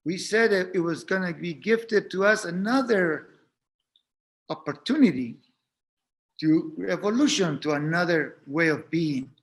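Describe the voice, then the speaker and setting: A man with a notably high-pitched voice shares a reflective spiritual talk as a teacher. His delivery is gentle and unhurried, with frequent pauses and repeated words as he finds his way through each thought. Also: expressive.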